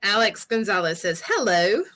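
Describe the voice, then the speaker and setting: A woman co-hosts a casual livestream. Her voice is bright and clear, and she giggles as she reads out comments from viewers. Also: mid-range voice, big pitch swings, moderate pace. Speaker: co-host reading comments.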